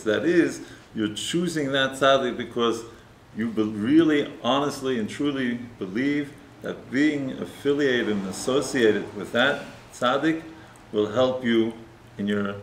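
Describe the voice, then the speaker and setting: A man, a rabbi, preaching and telling a story in a conversational way, often ending points with a tag question. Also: mid-range voice. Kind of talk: sermon with storytelling. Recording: roomy echo, faint noise.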